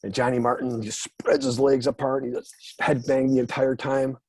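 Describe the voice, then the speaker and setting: Male guest musician, husky, self-deprecating storyteller in a dry recording. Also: mid-range voice, flat delivery, normal speed, darkish tone, dry recording. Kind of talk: casual interview chat.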